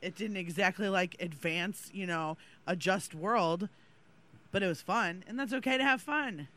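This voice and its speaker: A man's voice: high voice, moderate pace, sharp tone. A man co-hosting a podcast in casual chat, talkative and apt to dominate the conversation. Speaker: podcast co-host.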